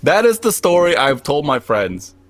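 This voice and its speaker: A young Cambodian man with a fairly high voice talks at normal speed, telling a long funny story among friends. The storytelling is profane and lively, with nonstop cursing and acted-out quotes.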